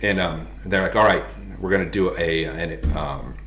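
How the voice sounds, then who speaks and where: A man in his thirties from the United States, a podcast guest telling stories in a casual, animated way and laughing as he goes. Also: sits low, moderate pace, slight background noise. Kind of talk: casual storytelling. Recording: roomy echo.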